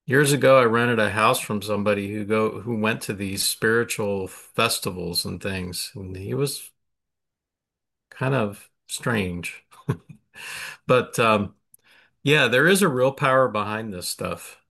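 A man joining a group discussion, speaking in a slow, halting way. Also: lowish voice, vocal fry, fairly bright tone. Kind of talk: casual discussion.

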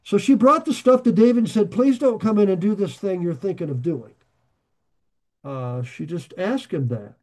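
Casual preacher, male, high voice, reads verse then riffs on it with jokes. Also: moderate pace, darkish tone. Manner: reads scripture aloud, then explains it in a loose joking aside. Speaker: Bible teacher. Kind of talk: conversational Bible study sermon.

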